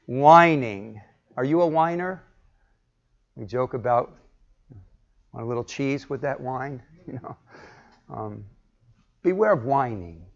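A man's voice: on the high side, a little mellow. A man teaching a Bible class, asking the group questions and acting out the lines he quotes. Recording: muffled lo-fi recording.

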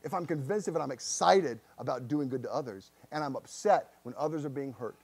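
A man's voice: medium pitch, fairly quick, creaky, a little mellow, slightly rough. A man preaching a sermon to his congregation as pastor, earnest, often repeating words and putting searching questions to the listeners. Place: church.

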